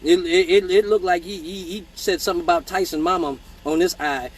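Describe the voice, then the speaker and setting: High-voiced man telling a raunchy story. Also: steady tone, brisk. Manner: profane, rambling, joking asides to viewers. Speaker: male exotic dancer hosting a live Q&A show. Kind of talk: casual storytelling on a livestream.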